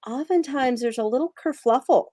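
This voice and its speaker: A woman with a somewhat high voice co-hosts a conversational wellness talk. She lays out each step slowly and carefully, pausing on key phrases. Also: warm tone, no echo, clean studio sound.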